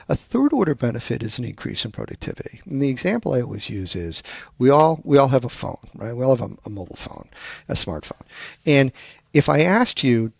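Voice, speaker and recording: A man's voice: brisk, vocal fry, dry recording, dull audio. A man being interviewed as a guest expert, explaining in a teacherly way and acting out the questions a buyer might ask. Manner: animated, teacherly, acts out buyer questions with shifting pitch. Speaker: guest expert on sales value.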